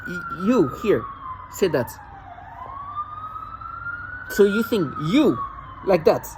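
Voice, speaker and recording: A man's voice: high voice, huge pitch swings, slow pace, noisy background. A man vlogging alone in a rambling, agitated and mocking rant, often stumbling and restarting his sentences. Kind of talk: rambling monologue to camera.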